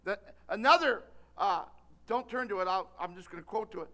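An older man preaching a sermon, telling a story with lively delivery and calling on listeners by name. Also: sits high, fairly quick.

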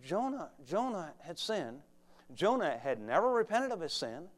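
A male preacher delivering a fervent sermon, moving between quiet asides to the congregation and loud exhortation. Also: high-pitched, very animated, a little slow.

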